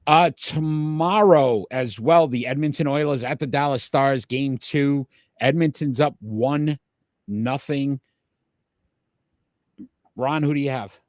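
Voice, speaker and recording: A man hosting a casual sports talk show, chatty and quick to laugh, calling out to his live viewers. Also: mid-range voice, dry recording, clean studio sound. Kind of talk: casual sports picks chat.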